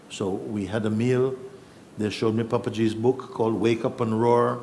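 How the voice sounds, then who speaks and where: A man, a spiritual teacher telling his own story in a reflective, unhurried way with pauses and restarts. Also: on the low side, steady tone, a little mellow, a little hiss or hum. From Jamaica. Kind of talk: personal storytelling.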